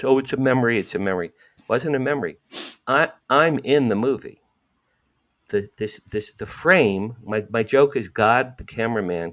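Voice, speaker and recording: A man, telling a personal story as an interview guest, acting out quotes with sudden jumps in pitch.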